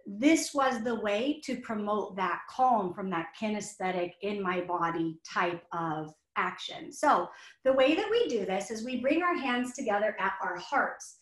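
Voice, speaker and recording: A woman's voice: medium pitch, lively intonation, unhurried. A woman leading a children's yoga breathing exercise in a webinar, speaking in a soothing, encouraging way to both kids and teachers. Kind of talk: guided yoga instruction in a webinar. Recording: roomy echo.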